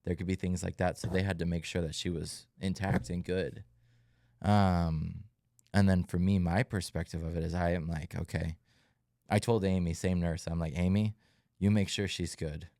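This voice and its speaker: Casting note: young male podcast co-host, very low and even voice, halting, dry close sound. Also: vocal fry, no room sound. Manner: reflective, halting, many fillers. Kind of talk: casual testimony chat.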